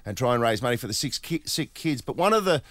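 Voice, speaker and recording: A man's voice: mid-range voice, big pitch swings, fast, fairly bright tone, no echo. A man with an Australian accent hosting breakfast radio, chatty and rambling, with plenty of fillers. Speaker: radio breakfast show host. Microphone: studio microphone.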